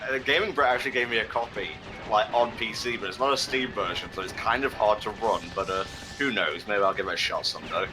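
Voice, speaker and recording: A man's voice: lowish voice, quick pace, few pauses, music in the background, rough recording. A man hosting a charity gaming stream, joking and swearing while reading out donations. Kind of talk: casual gaming commentary.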